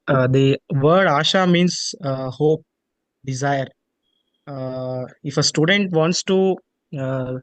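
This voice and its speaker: An earnest young man tells his story as a student over a video call. His voice sits a little high. The sound is close and dry, with many halting restarts. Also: no echo, low-quality recording. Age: young adult. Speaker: student sharing testimonial. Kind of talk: unscripted personal testimonial.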